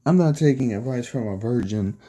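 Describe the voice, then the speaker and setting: A man's voice: mid-range voice, animated, fairly quick, mellow, lightly acted, rough recording. A man voicing a crude, pervy teenage boy student in a story recap, with a cocky, whiny way of talking. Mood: mocking.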